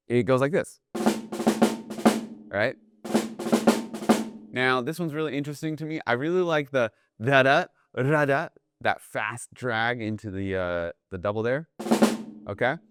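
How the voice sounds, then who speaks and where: A man teaching jazz drumming in a relaxed, explanatory way, often checking in with "right?". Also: medium pitch, normal speed, long pauses, loud music behind the voice. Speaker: drum teacher. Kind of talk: casual instructional talk.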